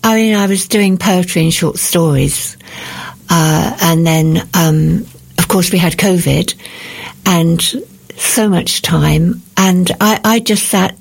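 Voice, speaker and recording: An older woman, a writer answering radio interview questions and reading from her book in a measured, reflective way. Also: fairly low pitch, gravelly, husky. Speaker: author guest.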